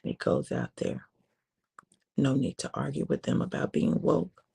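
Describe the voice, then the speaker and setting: A woman preacher telling a sermon story in a conversational way, with drawn-out phrasing and quiet emphasis. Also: rumbling low, wildly swooping pitch, vocal fry, husky.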